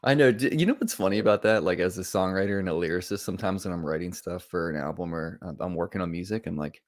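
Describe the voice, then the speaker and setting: A man's voice: low voice, fast talker. A man hosting a casual interview, encouraging his guest and laughing easily. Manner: encouraging, animated, easy laugh. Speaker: podcast host.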